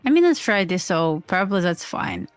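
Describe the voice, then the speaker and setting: A woman's voice: lowish voice, sing-song, normal speed, clear, resonant tone, faint music behind. A woman on a live trading stream, chatting casually and giving plain, matter-of-fact market commentary.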